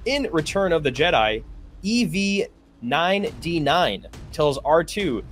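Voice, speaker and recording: A man's voice: a little high, sing-song, slow, fairly bright tone. A man co-hosting a trivia show who reads each question aloud and throws in dry, teasing remarks. Faint music sits behind him. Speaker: co-host reading questions. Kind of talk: game show question reading.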